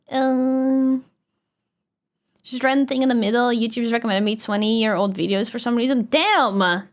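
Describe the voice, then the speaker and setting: Chatty Dutch woman streamer, higher voice. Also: takes it slowly, pauses often. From Netherlands. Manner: chatty and loose, swears, laughs often. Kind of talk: casual livestream chat, reading chat aloud.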